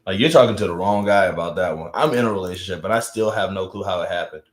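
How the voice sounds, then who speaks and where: A man's voice: sits low, quick pace, reverberant. A young man hosting a casual live stream from home, rambling with many restarts and fillers while feeling unwell. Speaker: livestream host.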